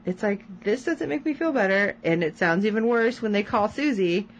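A woman's voice: medium pitch, normal speed, slight background noise, low-quality recording. A woman co-hosting a podcast, chatting casually as she recaps a TV episode and acts out quoted lines. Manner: animated, retells scenes with quoted lines. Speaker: podcast co-host.

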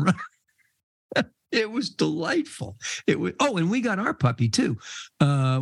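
A man's voice: mid-range voice, gravelly, darkish tone, husky, no room sound. An older man, a podcast guest, telling casual rambling anecdotes and laughing mid-sentence. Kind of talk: casual storytelling.

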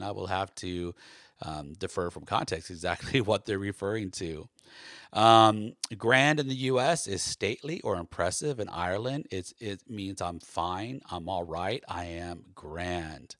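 A man's voice: fairly low pitch, a bit bright, dry recording, studio quality. An American man hosting a solo podcast, talking in a loose, conversational way with many fillers and restarts. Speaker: podcast host.

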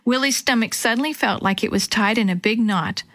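A woman reading a children's storybook aloud in a gentle, even narration. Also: a little high, fairly quick.

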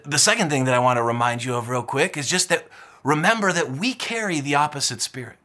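A man's voice: fairly high pitch, expressive, a little fast, pushed and bright. A male pastor preaching a sermon in an emphatic, rousing, repetitive manner.

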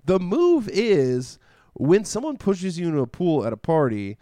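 A man's voice: high voice, wildly swooping pitch, unhurried, warm tone, dry recording, clean studio sound. A young man co-hosting a podcast, bantering casually, swearing and laughing often. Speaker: podcast co-host. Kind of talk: casual chat.

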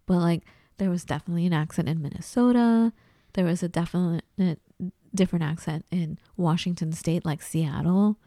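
A woman's voice: lowish voice, moderate pace, dark tone, no room sound, studio quality. A woman from Los Angeles with a Los Angeles accent, telling stories in a rambling, casual chat full of likes and restarts. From Los Angeles, California. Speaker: podcast co-host.

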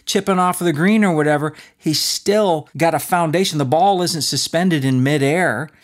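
A man co-hosting a faith talk show, teaching in an animated, preacher-like way and acting out stories. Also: fairly high pitch, normal speed. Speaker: podcast co-host. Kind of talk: conversational faith teaching with storytelling.

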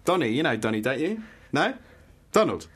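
A deadpan office worker. Her voice sits very low for a woman, is husky and breathy, and moves through a wide pitch range. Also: moderate pace, full character voice. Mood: teasing. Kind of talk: sitcom acting.

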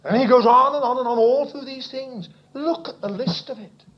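A man preaching a sermon, swinging from quiet asides to loud exclamations. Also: very high-pitched, normal speed. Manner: animated preaching, dropping to near-whispers and rising to exclamations. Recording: muffled lo-fi recording.

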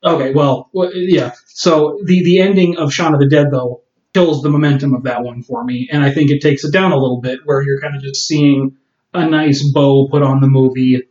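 A man's voice: medium pitch, steady tone, moderate pace, a little mellow. A man co-hosting a casual film podcast, often stopping and restarting as he thinks aloud. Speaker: podcast co-host. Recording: echoey, dull lo-fi room sound.

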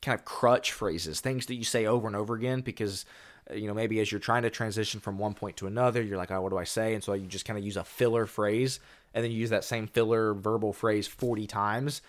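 A man's voice: fairly low pitch, steady tone, brisk. A man co-hosting a casual podcast, upbeat and agreeable, leaning on fillers like "like.". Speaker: podcast co-host.

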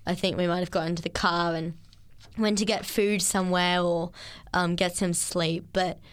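A woman recounts her experience in an interview, earnest and halting, often restarting her sentences. Her voice sits on the low side. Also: level tone, clear, resonant tone. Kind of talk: testimony interview.

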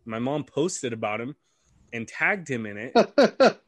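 A man's voice: medium pitch, slow, no room sound, clean studio sound. A young man, a podcast co-host, telling a casual story with lots of swearing and acted-out quotes. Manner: animated, swears freely, acts out quoted voices.

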